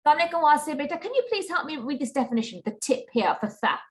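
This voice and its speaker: A woman's voice: sits high, sing-song, very fast. A woman teaching an online Qur'an reading class, patient and repetitive, often checking in with "okay?". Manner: patient, repeats key points with frequent "okay?". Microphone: video call.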